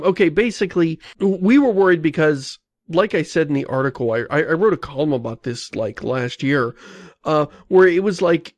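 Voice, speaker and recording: A man's voice: fairly high pitch, dry recording. A man hosting a podcast, chatting casually and reading listener mail aloud. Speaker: podcast host. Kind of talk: casual chat.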